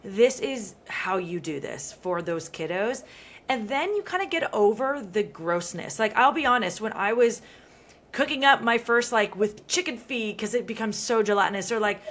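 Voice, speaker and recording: A woman in her thirties hosting a podcast, talking in a chatty, animated way full of "like" fillers. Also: medium pitch, normal speed. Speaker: podcast host. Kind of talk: casual conversational chat.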